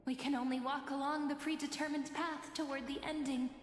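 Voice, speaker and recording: An actress playing a calm young woman in a video game, asking probing questions. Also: high-pitched, brisk, close to an everyday voice. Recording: game audio with reverb and music.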